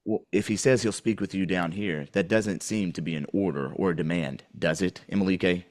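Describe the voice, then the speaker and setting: A man's voice: low voice, normal speed, darkish tone. A man questioning an officer in a deposition, pointed and pressing, repeating his questions.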